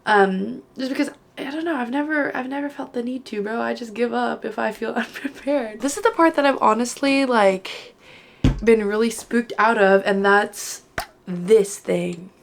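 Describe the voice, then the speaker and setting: A woman's voice: fairly high pitch, normal speed, gravelly. A tired young woman with an Australian accent, chatting casually to her viewers late at night at home. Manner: chatty, joking, talking to viewers. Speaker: vlogger. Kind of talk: casual study vlog chat.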